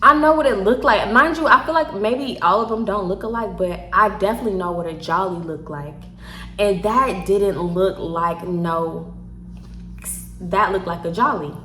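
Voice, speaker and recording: This storytime vlogger is a young Houston woman with a Southern accent, a bit tipsy as she tells her story in a casual way. Her voice is mid-pitched, her pace moderate, and she's full of energy, with frequent laughter, plenty of swearing and acted-out quotes. Echo from the room is audible.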